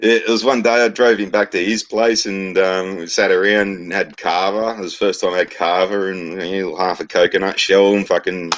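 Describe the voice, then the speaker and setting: A man with a very deep, low Australian voice spins crude jokes and yarns in easygoing chat. His speech is laid-back and full of swearing and local slang. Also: flat delivery, brisk, hardly any pauses, fairly bright tone, muffled recording. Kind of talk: casual crude joke-telling chat.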